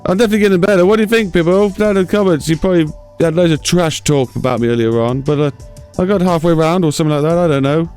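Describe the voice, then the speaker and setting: A man's voice: a little high, steady tone, rapid-fire, a little mellow, clear, resonant tone, faint music behind. Chatty gamer narrating his play. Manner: chatty, self-mocking, talks to viewers. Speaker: gaming channel host. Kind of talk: let's-play commentary.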